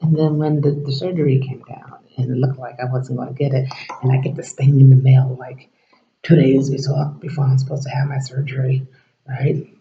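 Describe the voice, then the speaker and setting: A man rambles through a personal story to camera, slipping into quoted dialogue and sometimes sinking to a whisper. His voice is very dark and gravelly. The recording sounds dull and lo-fi, in a roomy space. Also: mid-range voice, level tone, normal speed. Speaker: vlogger.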